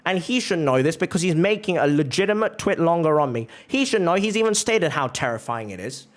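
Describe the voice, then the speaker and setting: A man's voice: on the high side, expressive, brisk. A male streamer giving a heated, profane reaction rant on stream, repeating phrases for emphasis.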